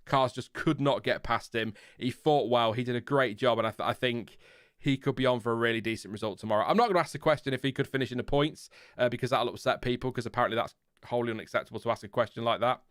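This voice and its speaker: Medium pitch, fast delivery and a fairly bright, clean tone mark this man's voice, recorded dry at studio quality. He's an F1 channel host from Lincolnshire, England, with a Lincolnshire English accent, running a casual live chat stream. He rambles, restarts his sentences and chuckles at his own side trips.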